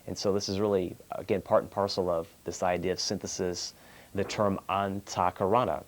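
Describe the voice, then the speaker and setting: Texan man host, lowish voice, rambling spiritual talk, clears throat a lot. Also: level tone, moderate pace. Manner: meandering, many fillers and restarts. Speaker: call-in show host.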